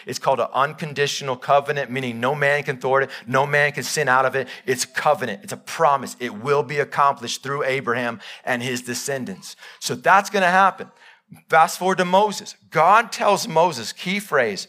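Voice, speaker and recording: Male pastor, live sermon, bright tense tone, dramatic loud-to-quiet swings. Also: normal speed. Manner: swings between loud emphatic peaks and quiet low passages; voices God and Bible figures in quoted speech. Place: church.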